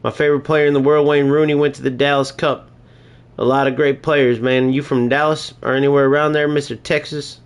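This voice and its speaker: A chatty, laid-back male gamer commentating his live stream at a medium pitch. He rambles easily between plays, peppering his talk with "right?", "man" and "bro". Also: little pitch movement, a little fast, clear, resonant tone. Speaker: gaming streamer.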